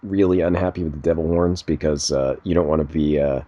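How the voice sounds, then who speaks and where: Male co-host, very deep voice, dry teasing banter, no room sound. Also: fairly even intonation, brisk, dark tone, no echo, highs cut off. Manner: dry teasing quips, laughs often. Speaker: podcast co-host. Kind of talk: casual chat.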